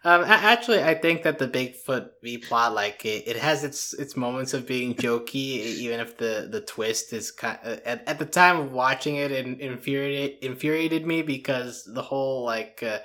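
A man co-hosting a casual cartoon review chat, speaking in halting bursts with frequent restarts and fillers. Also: mid-range voice, pushed and bright. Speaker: podcast co-host.

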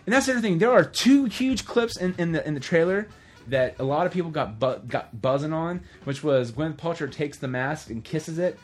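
A man co-hosting a casual podcast, retelling film scenes in a lively way and acting out the characters' lines in quick voices. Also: a little high, soft background music. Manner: animated storyteller who acts out movie scenes in quick voices. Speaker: podcast co-host. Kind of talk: casual movie chat.

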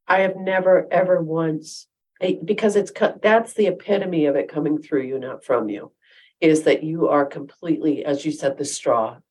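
A woman's voice: low voice, normal speed, a little mellow, slightly rough, poor audio. A woman co-hosting a casual talk show, giving firm, emphatic opinions. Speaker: podcast co-host. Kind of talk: casual chat.

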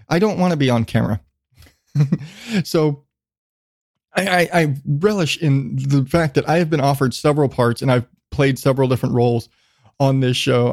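A man's voice: mid-range voice, a little mellow, no room sound, clean studio sound. A man hosting his own podcast in a chatty, self-deprecating monologue that rambles with frequent restarts. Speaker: podcast host. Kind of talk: casual monologue.

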